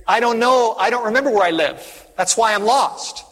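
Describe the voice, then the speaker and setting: A tearful lost little girl pleads in a raised, thin voice, as a preacher puts her on. The voice is husky and rings out in a long hall echo. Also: high-pitched, normal speed, pushed and bright, pitched above the performer's own voice, exaggerated voice. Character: crying lost five-year-old girl.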